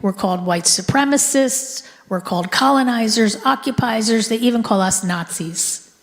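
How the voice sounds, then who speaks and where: Speaking at a normal speed with a fairly high pitch, a middle-aged guest speaker gives a talk to a live audience. The setting is a synagogue hall with a long, echoing reverb, and her conversational manner pulls listeners in through questions.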